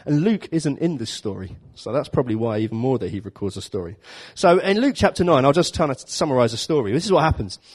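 A man's voice: mid-range voice, big pitch swings, quick pace, few pauses, breathy edge. Guy preaching casually, jokey and chatty, acts out the bible bits in voices. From London. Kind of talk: informal sermon.

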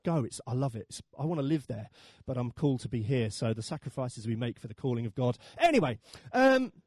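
Lively preacher, bright and dry. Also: male voice, medium pitch, fairly quick, breathy edge, no echo. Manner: lively, humorous storytelling with acted quotes. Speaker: pastor. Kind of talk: sermon with storytelling.

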